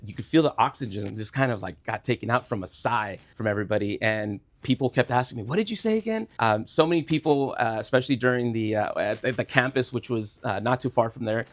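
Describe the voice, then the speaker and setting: A man being interviewed, telling a personal story in an earnest, halting way with many restarts. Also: medium pitch. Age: adult, former student. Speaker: interview guest.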